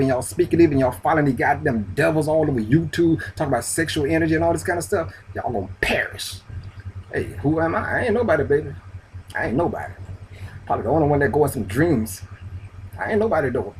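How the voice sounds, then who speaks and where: A man's voice: on the high side, darkish tone, a little hiss or hum. Profane scolding man ranting spiritually. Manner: scolding, profane, street slang, repetitive. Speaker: spiritual video host. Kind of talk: preachy spiritual rant to camera.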